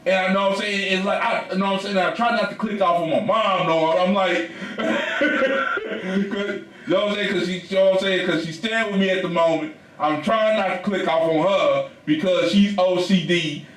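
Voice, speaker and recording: A man co-hosting a podcast, telling stories in a casual, animated and profane way. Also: sits high, normal speed, echoey room, recorded from a distance, slight background noise, poor audio. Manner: animated, profane storytelling with laughs. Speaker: podcast co-host. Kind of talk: casual chat.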